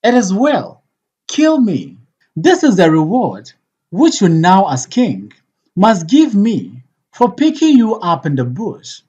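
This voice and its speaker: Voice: medium pitch, huge pitch swings, slow, dark tone, husky, highs cut off, full character voice. A reader voicing a frightened, loyal hunter who speaks in a pleading, earnest way, in a play read aloud. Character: frightened loyal male hunter and old servant. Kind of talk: audiobook play reading.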